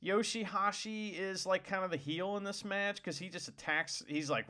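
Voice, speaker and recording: A man co-hosting a casual wrestling podcast, excitable and swearing freely. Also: sits high, moderate pace, hardly any pauses. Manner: excitable, swears, laughs often. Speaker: podcast co-host.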